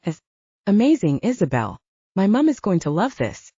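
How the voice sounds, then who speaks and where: A woman's voice: mid-range voice, big pitch swings, moderate pace, warm tone, husky, no echo, highs cut off. A woman voicing a young male werewolf who grumbles and is cautious, in an audiobook.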